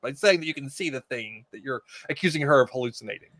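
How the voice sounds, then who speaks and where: A man's voice: medium pitch, quick pace, no room sound. Wry man podcast guest, dry sound. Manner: wry, relaxed, quotes characters with mock outrage. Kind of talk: casual chat recapping a TV episode.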